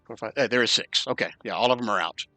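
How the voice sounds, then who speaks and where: A man running an online tabletop game as dungeon master, counting moves aloud and tossing in quick asides. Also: medium pitch, bright, forceful tone, dry recording.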